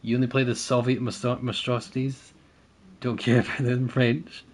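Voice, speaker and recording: A man's voice: medium pitch, flat delivery, normal speed. A man streaming a naval battle game, chatting with his viewers and teammates, thanking supporters and laughing often as he plays. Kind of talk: casual gameplay commentary.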